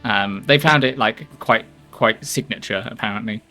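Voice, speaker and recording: A man's voice: fairly low pitch, normal speed, bright, forceful tone, faint music behind. Chatty posh-sounding English man. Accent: posh southern English, trained by theatre. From England. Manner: chatty and rambling, laughs at his own jokes. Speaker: streamer. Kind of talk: casual chat.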